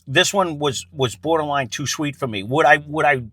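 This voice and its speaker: A man's voice: on the high side, normal speed, fairly bright tone, no echo. A man casually reviewing breakfast food with a co-host, frank and easygoing about what he likes.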